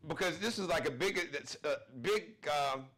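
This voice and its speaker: A man's voice: on the high side, lively intonation, normal speed. A man hosting a casual chat show, talking fervently in religious terms. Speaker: show host. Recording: crowd noise behind the voice.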